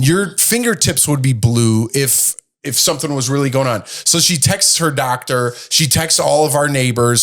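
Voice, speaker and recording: A man co-hosting a relaxed chat show, sitting at middle pitch. He rambles through a story, restarting sentences and bouncing into voices for each quoted line. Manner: rambling, animated storyteller who acts out quotes. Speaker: podcast co-host.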